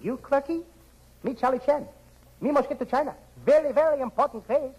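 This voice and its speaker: A comedian putting on a boastful movie detective who speaks in clipped pidgin English, in a 1940s radio comedy. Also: male voice, very high voice, brisk, darkish tone, voice pushed up, poor audio.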